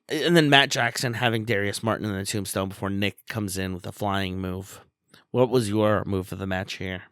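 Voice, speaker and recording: A man co-hosting a podcast, giving a brisk play-by-play recap of matches with small fillers. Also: lowish voice, fairly bright tone, no echo, clean studio sound. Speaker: podcast co-host.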